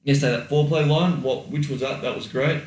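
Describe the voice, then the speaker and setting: A man's voice: medium pitch, steady tone, fairly quick, distant mic. Male podcast co-host, blunt and sweary, off mic in a roomy space. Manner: blunt, swears freely, acts out quoted thoughts. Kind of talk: casual advice chat. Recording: roomy echo, a little off mic.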